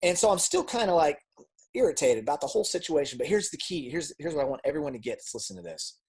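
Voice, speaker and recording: A man giving a personal testimony as a guest speaker, telling a story with lively acted-out dialogue and frequent repeated words. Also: on the high side, quick pace, husky. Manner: animated storytelling, acts out dialogue; repeats words when restarting.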